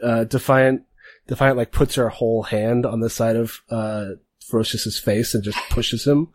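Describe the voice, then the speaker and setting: A man narrating a tabletop game as game master, relaxed and rambling. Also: mid-range voice, normal speed, no room sound.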